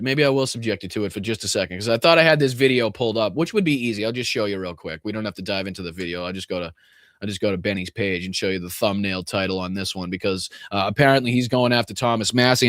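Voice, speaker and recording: A man's voice: lowish voice, dry recording, studio quality. A man with a Boston accent hosting a casual live political commentary stream, sarcastic and profane, rambling with restarts.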